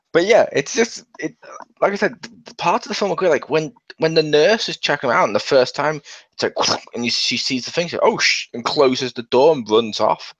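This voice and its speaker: A man chatting casually in a film review, joking, swearing freely and acting out scenes in quick little voices. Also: a little high, fairly bright tone, no echo. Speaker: movie reviewer. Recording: dull lo-fi dry sound.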